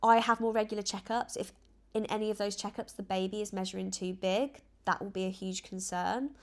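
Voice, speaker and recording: A woman's voice: medium pitch, fairly even intonation, a little fast. Chatty woman vlogger. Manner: chatty, rambling, earnest. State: emotional, close to tears at times. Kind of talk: casual chat to camera.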